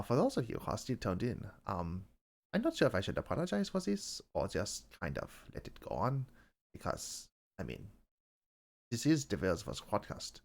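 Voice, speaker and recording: A man's voice: fairly low pitch, creaky. Male podcast host, casual, rambling, dry and self-deprecating.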